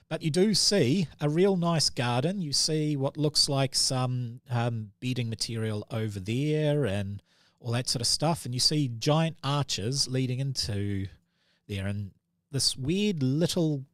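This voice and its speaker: A man narrating a tabletop game as game master in a casual, halting way with frequent ums. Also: medium pitch, dry recording, clean studio sound.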